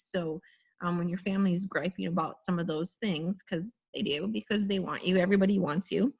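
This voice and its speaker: Husky woman giving an earnest pep talk. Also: lowish voice, steady tone, fairly quick, darkish tone. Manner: earnest, storytelling, encouraging. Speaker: team leader in a group call. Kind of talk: motivational casual talk.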